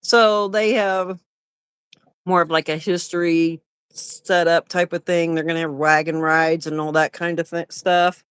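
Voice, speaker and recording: A woman's voice: on the low side, fairly even intonation, measured pace, fairly bright tone, smooth, dry recording. A middle-aged woman chatting on a livestream while she packs for a market. She talks in a loose, rambling way, sometimes with her mouth full. The sound is dry and close, with little room in it. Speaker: craft vendor and livestream co-host. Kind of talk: casual chat.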